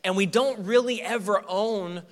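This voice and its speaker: A man's voice: sits high, unhurried. A man in his thirties, a pastor preaching a sermon in church in a casual, joking storytelling way.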